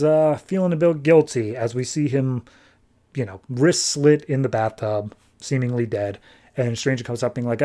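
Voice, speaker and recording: A man casually recapping a comic book issue on a podcast, retelling the plot loosely and tossing in quick offhand voices for the characters. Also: medium pitch, warm tone. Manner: loose and chatty, with fillers and restarts.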